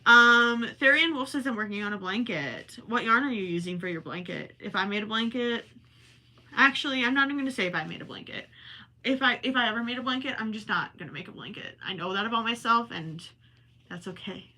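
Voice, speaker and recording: Young woman crocheting on a livestream, super bright voice, rambly casual chat, keeps correcting herself. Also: on the high side, brisk. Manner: chatty and rambling, self-correcting, talks while working.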